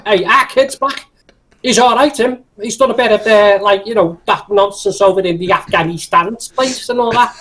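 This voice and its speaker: Brief: man doing a loud, high, cheeky Scouse tank gunner, barking orders, husky edge. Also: normal speed. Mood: chatty. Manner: shouting orders, cursing, cheeky. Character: brash shouty male Scouse tank crewman.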